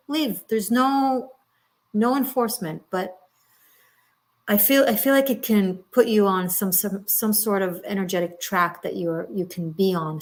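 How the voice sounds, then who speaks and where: Woman giving a halting, gentle tarot reading. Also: medium pitch. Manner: rambling, halting, with many fillers and restarts; gentle and reassuring. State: emotional, near tears. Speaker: tarot reader. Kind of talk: live-streamed tarot reading.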